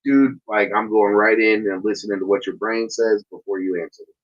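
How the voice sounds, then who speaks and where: Husky man in casual podcast chat. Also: on the low side, a little fast. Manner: profane, animated storytelling. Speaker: podcast co-host. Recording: dull lo-fi sound.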